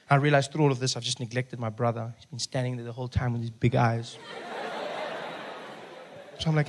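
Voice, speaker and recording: A man telling a stand-up story, animated and acting out scenes. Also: mid-range voice. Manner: animated, fast, acts out scenes. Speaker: stand-up comedian.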